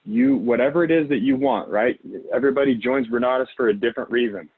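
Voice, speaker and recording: Husky guy rambling through a motivational pep talk, keeps going "okay? right?", sounds like a phone call. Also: medium pitch, quick pace. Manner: acts out quoted inner thoughts. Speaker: motivational speaker. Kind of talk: motivational talk with guided visualization. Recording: thin phone-like line.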